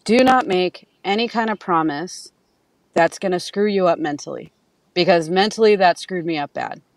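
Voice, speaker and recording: A woman's voice: on the low side, normal speed, dry recording. A woman talking as a podcast guest in casual conversation, telling candid stories, acting out what people said and swearing freely. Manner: candid storytelling, acts out quotes, swears freely.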